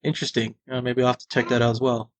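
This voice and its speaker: A man with a mid-range voice co-hosts a casual movie podcast. He talks in a friendly, halting way, often restarting his sentences. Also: medium pitch, flat delivery. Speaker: podcast co-host. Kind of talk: casual chat.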